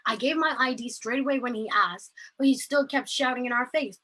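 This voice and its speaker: Bright, husky-voiced teenage girl. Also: on the high side, fairly quick, rough recording. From Ireland. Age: late teens. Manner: earnest, impassioned, filler-heavy storytelling. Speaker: protest speaker. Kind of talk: personal testimony on a video call. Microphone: video call.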